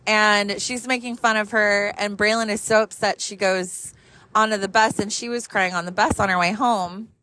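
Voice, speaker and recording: Behind the wheel of her car, a woman in her thirties who is a mother spins a lively, laid-back story full of swearing and frequent laughter. She has a mid-range voice, a moderate pace, and there's no echo.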